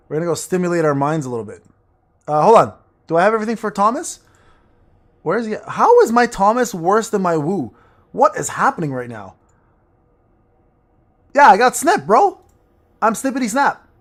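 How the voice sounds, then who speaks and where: A man talks through a game on a livestream, teasing his chat with crude jokes and rambling asides. His voice sits high and swings widely up and down, full of playful bounce. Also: very animated, a little fast, long pauses, fairly bright tone. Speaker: gaming streamer reading chat. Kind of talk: casual livestream chatter while playing.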